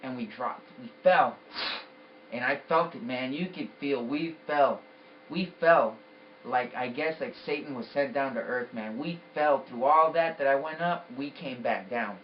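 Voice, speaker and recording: A man's voice: medium pitch, normal speed, few pauses, far from the mic, highs cut off, a little hiss or hum. A man giving an intense, emphatic personal testimony about a vision. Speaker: storyteller.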